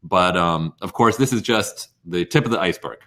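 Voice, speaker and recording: Low-voiced young man presenting a webinar. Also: normal speed, sharp tone. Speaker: co-host.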